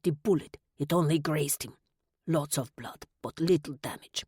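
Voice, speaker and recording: A woman's voice: low-pitched, moderate pace, a little mellow, slightly rough, no echo, studio quality. A woman voicing a firm, formal older male country doctor with a Spanish accent in an audiobook.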